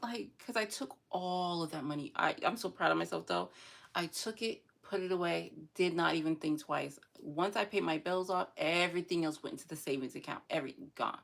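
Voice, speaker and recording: A young adult woman vlogs in a casual, rambling, emotional chat, sometimes laughing through her tears. Her voice is lowish and creaky, and she speaks briskly.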